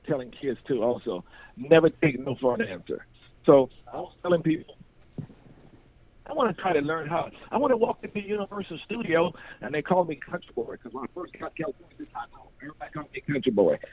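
A man from North Carolina telling his life story in casual talk, acting out voices in the stories, repeating words and laughing often. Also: mid-range voice. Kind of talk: animated storytelling chat. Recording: tinny phone-like radio sound.

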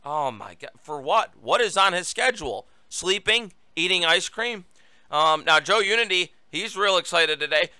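A man's voice: a little high, lively intonation, normal speed, sharp tone, smooth, no room sound. A man hosting a talk show, delivering a sarcastic, ranting political monologue to his listeners. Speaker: radio talk show host.

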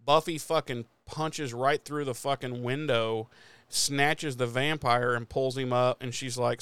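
A man talks through a TV episode recap in a loose, rambling way, dropping swear words constantly and breaking into laughs. His voice is smooth and clear, recorded dry and close with no room sound. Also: medium pitch, steady tone, unhurried, a bit bright, no echo. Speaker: podcast host recapping episodes. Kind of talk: casual profane recap chat.

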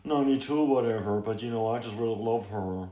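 A man's voice: on the low side, fairly quick, warm tone, roomy sound, dull audio, pitched below the performer's own voice, close to an everyday voice. A man doing an odd-voiced earnest young guy. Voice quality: weird, odd voice.

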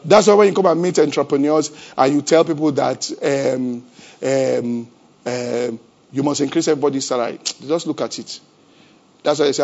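A man preaching a sermon as pastor. He keeps asking the congregation rhetorical questions and swings between loud emphasis and a low, conversational tone. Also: moderate pace. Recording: dull lo-fi church recording.

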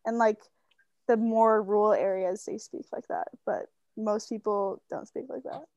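A woman's voice: medium pitch, fairly even intonation, unhurried, darkish tone, dull audio. A young woman student chatting casually with friends in a wry, offhand way. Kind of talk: casual group chat.

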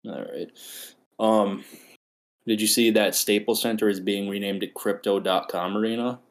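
Young man, low voice, joking podcast co-host, casual banter. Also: steady tone, moderate pace. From Australia. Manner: joking, teasing, laughs often.

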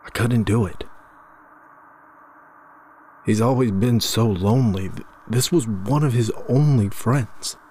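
A man telling a first-person horror story in a measured, somber way, stumbling over a word now and then. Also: medium pitch, mellow, slight background noise.

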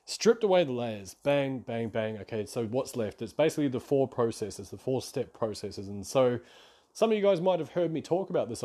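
A man's voice: mid-range voice, mellow. A man hosting a podcast, telling a rambling, self-reflective story in a casual solo monologue. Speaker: podcast host.

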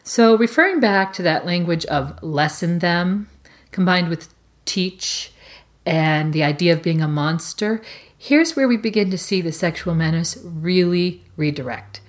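Low-voiced woman analysing a book. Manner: measured, thoughtful, with some fillers. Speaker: podcast co-host.

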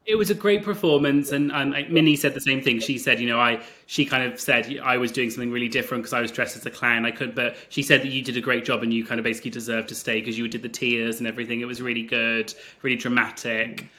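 Bright-voiced male interviewer. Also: medium pitch, steady tone, fast talker, hardly any pauses. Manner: easygoing, laughs along, steers with questions. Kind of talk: casual interview chat.

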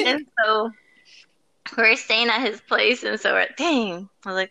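A woman's voice: on the high side, very animated, slow pace, gravelly, pauses often, sharp tone, rough recording. A woman co-hosting a podcast, telling easygoing anecdotes with laughter. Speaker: podcast co-host. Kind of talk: casual chat.

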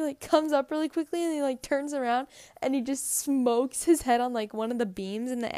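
A woman's voice: high voice, a little mellow, no echo. Teen girl rambling on her podcast, lots of likes and giggles, dry close sound. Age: teens. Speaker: podcast co-host. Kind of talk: casual solo podcast chat.

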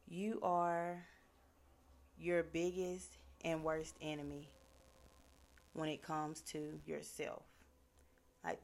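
A woman's voice: sits low, a little mellow. A woman giving a casual motivational talk in an earnest, conversational way, with lots of "like" fillers. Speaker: motivational speaker.

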